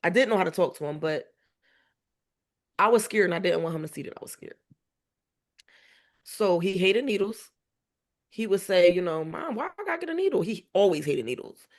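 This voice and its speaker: A woman's voice: lowish voice, moderate pace, long pauses. Woman vividly retelling family memories. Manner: animated, laughs often, acts out remembered dialogue. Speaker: mother of a child with cancer, podcast guest. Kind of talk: emotional podcast interview storytelling.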